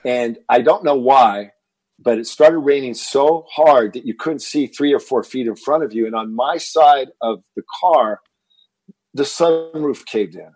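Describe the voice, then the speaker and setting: An unhurried, medium-pitched male voice comes through a dry recording. The speaker, a Texas fitness entrepreneur in his fifties, is an animated interview storyteller who stumbles over repeated words when excited.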